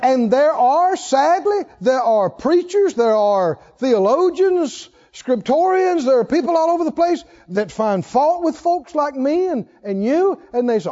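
A male pastor preaching a sermon in a large church, animated and chuckling, firing rhetorical questions at the congregation. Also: very high-pitched, measured pace, hardly any pauses. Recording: dull lo-fi sermon recording.

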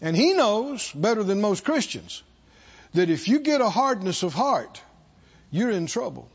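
High-voiced preacher man, slow and emphatic. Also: sing-song, husky, highs cut off. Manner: emphatic call-and-response, drawn-out repeated phrases. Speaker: pastor. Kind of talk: sermon. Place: church service with congregation.

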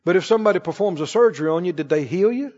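Man, pastor, high voice, emphatic sermon, long church reverb, dull sound. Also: lively intonation. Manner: emphatic preaching, rising to shouts, quick asides.

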